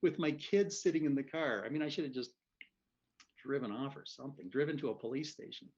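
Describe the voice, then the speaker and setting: Man guest, lively storyteller who laughs a lot; muffled lo-fi audio. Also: mid-range voice, fairly quick. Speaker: physician guest. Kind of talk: casual storytelling.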